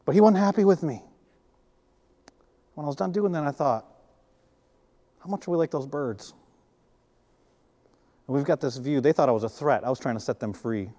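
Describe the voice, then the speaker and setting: A man preaching a sermon, telling a personal story with animated swings from hushed asides to excited bursts. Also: a little high, quick pace, long pauses, in a large hall. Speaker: pastor.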